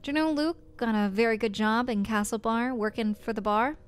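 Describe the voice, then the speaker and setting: A woman's voice: fairly high pitch, fairly quick, smooth, natural voice. A woman reading the lines of a worried, nagging middle-aged mother in a visual novel, in her own plain voice. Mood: disapproving. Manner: plain reading, no accent attempted.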